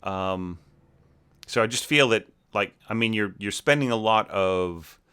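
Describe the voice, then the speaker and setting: A man with a fairly low but bright, forceful voice talks through a student's orchestral score. He thinks aloud, keeps checking in with "right?", and sometimes sings rhythms on nonsense syllables. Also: unhurried, clean tone. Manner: thinking aloud, many fillers and tag questions. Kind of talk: casual spoken critique.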